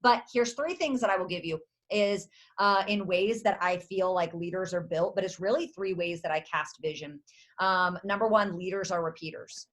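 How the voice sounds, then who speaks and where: A woman runs a leadership call for her sales team, her voice bright and ringing. She talks fast and emphatic, repeats her mission lines again and again, and her pitch leaps up when she gets excited. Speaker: network marketing team leader. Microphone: video or conference call.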